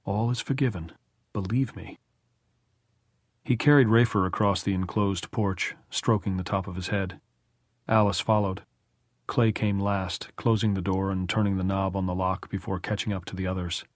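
A man narrating an audiobook in measured, even storytelling. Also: deep voice, no echo, studio quality. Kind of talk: scripted narration.

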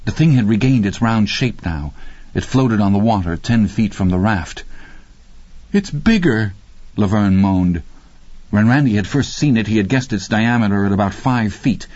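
A man narrating a horror audiobook in a steady, measured way. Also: on the low side, no room sound. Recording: dull lo-fi dry recording.

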